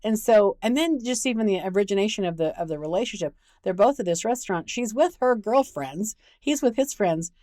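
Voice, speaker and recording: A woman's voice: mid-range voice, expressive, a little fast, hardly any pauses, mellow, dry recording, studio quality. A woman hosting a relationship advice channel, speaking frankly and conversationally while telling stories. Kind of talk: casual advice talk with storytelling.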